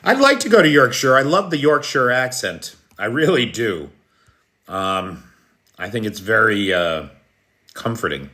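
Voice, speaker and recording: Unhurried and animated, this American man's low voice sounds pushed and bright as he hosts a live news stream. He chats casually, answers viewers' comments by name, and frequently clears his throat.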